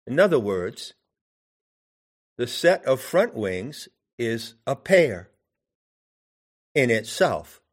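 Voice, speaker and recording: A man teaching in a deliberate way, pausing to put questions to the listener. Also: mid-range voice, sing-song, breathy edge. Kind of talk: meditative teaching talk.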